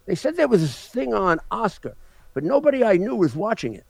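Deadpan male co-host, lively pitch. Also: brisk, gravelly, no room sound.

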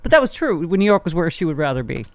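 A woman's voice: deep voice, sing-song, very fast, slight background noise. A woman hosting a radio talk show, chatty and wry in casual conversation.

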